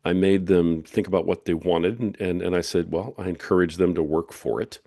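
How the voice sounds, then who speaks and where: A middle-aged man with a very low, deep voice hosts a solo podcast. He preaches in emphatic, punchy declarations. The sound is dry and close to the mic. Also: steady tone, moderate pace, warm tone, no echo. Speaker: podcast host.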